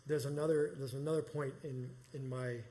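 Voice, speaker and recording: A man's voice: mid-range voice, steady tone, fairly quick, dark tone, slight background noise. Rambling middle-aged man telling a story. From New York. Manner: rambling, conversational, with many restarts. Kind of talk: live personal storytelling. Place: small performance space.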